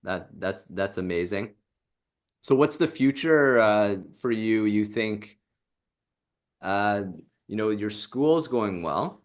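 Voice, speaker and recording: A man's voice: on the low side, animated, takes it slowly. A man hosting a casual interview, asking questions and giving short replies. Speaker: interviewer host.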